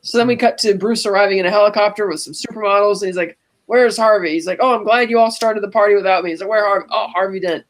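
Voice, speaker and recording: Woman, podcast co-host, casual recap, middle pitch, quotes lines as she goes. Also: fast talker, few pauses. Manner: retells scenes quoting lines with "he's like".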